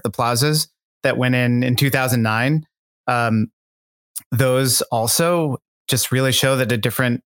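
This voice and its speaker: A man's voice: mid-range voice, a bit bright. A man speaking as a guest in a casual interview, thoughtful and rambling, with many fillers and restarts.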